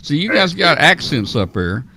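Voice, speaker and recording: A man hosting a casual radio roundtable, folksy and often clearing his throat. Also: on the high side, very animated, normal speed, bright, forceful tone. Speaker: host.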